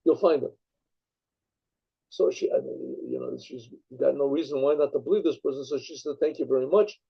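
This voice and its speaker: A rabbi tells a story in a gravelly, husky voice that sits fairly high for a man. He rambles, restarts his sentences and clears his throat often. The recording is dull and lo-fi. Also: fairly even intonation, moderate pace. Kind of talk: storytelling talk.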